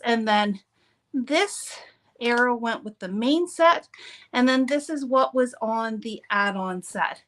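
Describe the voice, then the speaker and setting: A woman with a slightly high, somewhat bright voice hosts a live papercraft demonstration. She chats in an upbeat way and keeps cutting herself off mid-sentence.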